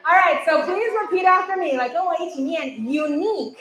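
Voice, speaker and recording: A woman's voice: sits high, lively intonation, quick pace, few pauses, a bit bright, a little hiss or hum. A young woman, a visiting radio presenter, leading schoolchildren through tongue twisters in an upbeat, encouraging way, often laughing. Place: school hall with children. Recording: echoey hall with children's chatter.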